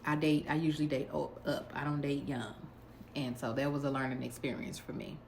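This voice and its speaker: A woman vlogger telling a dating story casually, in a sassy, blunt, animated way. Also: extremely low pitch, brisk, vocal fry, slight background noise.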